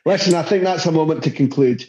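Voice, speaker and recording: Fast and fairly high-pitched but dark in tone, this man is a football journalist guesting on a podcast. He talks with passion and emphasis, frequently starting sentences over. The audio has a dull, lo-fi quality.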